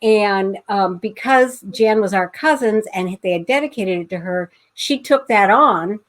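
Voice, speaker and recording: A woman's voice: mid-range voice, measured pace. A middle-aged woman from Pasadena, a guest author, telling a family anecdote in casual conversation with many fillers and restarts. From Pasadena, California.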